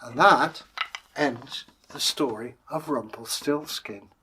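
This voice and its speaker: A male storyteller, recounting a fairy tale in a loose, chatty way with joking asides. His voice is bright and clear, and he takes his time over every line. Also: mid-range voice, takes it slowly. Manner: chatty, jokey, conversational asides. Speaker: storyteller and channel host.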